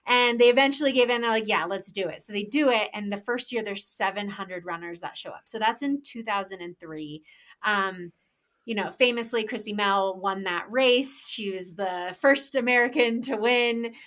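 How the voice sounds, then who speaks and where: Speaking at normal speed in a mid-range, slightly bright voice, the podcast co-host, who is also a pro trail runner, keeps the conversation casual. She's enthusiastic and rambles, often using filler words and starting over.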